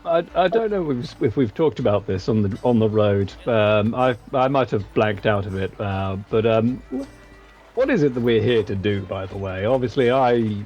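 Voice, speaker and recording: A man's voice: lowish voice, normal speed, muffled recording, soft background music. A man, chatting as a player in a tabletop game, meandering and hesitant. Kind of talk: casual chat playing a tabletop game.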